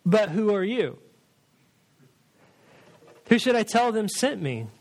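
Guy doing a higher worried prophet voice, whiny and protesting. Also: sing-song, takes it slowly, full character voice. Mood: doubtful. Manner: pleading, protesting. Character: anxious, doubting male prophet, pleading.

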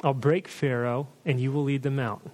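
A preacher voicing God as a solemn, commanding male figure with slow, weighty pronouncements. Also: mid-range voice, steady tone, a little mellow, voice pushed down, lightly acted. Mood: assuring.

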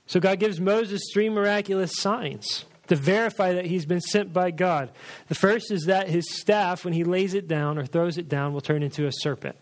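A male preacher retelling a story in a sermon, lively and acting out the dialogue. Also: high voice, normal speed.

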